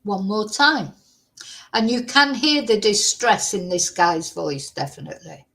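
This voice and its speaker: A woman's voice: mid-range voice, very animated, a little slow, vocal fry, a bit bright. Chatty woman hosting a livestream. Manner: chatty, rambling, thanks viewers. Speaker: livestream host. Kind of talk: casual livestream chat.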